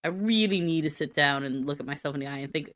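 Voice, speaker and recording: A woman's voice: low voice, quick pace, a bit bright. A woman streamer doing a silly, rambling, self-mocking be-right-back rant.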